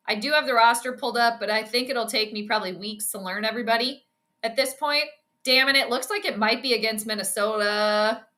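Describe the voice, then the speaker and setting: A young woman giving casual live commentary on a football game, chatting with her viewers and reacting to each play. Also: on the high side. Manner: chatty, reacts loudly to plays, talks to viewers. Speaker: astrology sports streamer.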